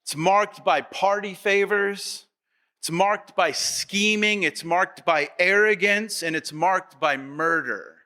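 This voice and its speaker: A man's voice: sits high, slow, sharp tone. A male pastor preaching a sermon, asking the congregation rhetorical questions and acting out their voices. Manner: acts out quoted voices of the congregation; repetitive, rhetorical questions to the audience.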